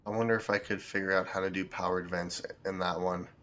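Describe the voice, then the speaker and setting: A man streaming a building game, thinking aloud in relaxed commentary as he sorts items and plans what to build. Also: sits low, fast talker. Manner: thinks aloud, with fillers and restarts. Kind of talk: casual gameplay commentary.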